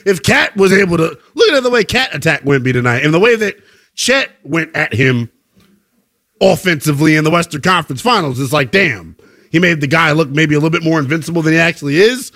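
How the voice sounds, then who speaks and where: A man co-hosting a sports talk show, debating in an emphatic, slangy, animated way. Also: a little high, a little fast.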